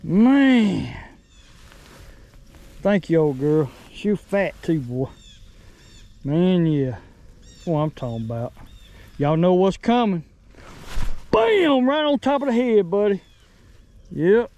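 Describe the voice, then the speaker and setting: A middle-aged man, giving excited, folksy commentary while fishing from a boat outdoors. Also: sits high, slow pace, long pauses. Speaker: fishing vlogger.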